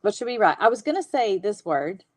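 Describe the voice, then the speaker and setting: A woman's voice: medium pitch, very animated, brisk, no room sound. A woman, hosting a casual livestream on hand lettering and chatting with viewers. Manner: chatty, warm-hearted, laughs often.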